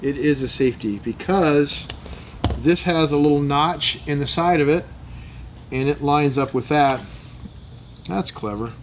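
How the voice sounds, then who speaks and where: A man's voice: on the high side, a little slow, long pauses, slight background noise, poor audio. A man chatting casually as host, thinking aloud and joking in rambling tangents while he works with his hands. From United States. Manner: thinks aloud, muttering to himself while working. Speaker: channel host. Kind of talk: casual chat while taking apart and cleaning a gun.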